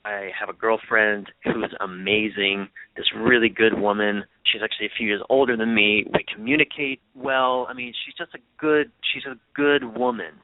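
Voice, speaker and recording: Man, interview guest, earnest and searching, lowish voice, dry phone-line audio. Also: fairly even intonation, moderate pace, few pauses, no room sound. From United States. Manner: earnest, with frequent restarts and repeated words. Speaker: guest, author and relationship coach. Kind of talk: reflective interview talk. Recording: dry, phone-like narrow sound.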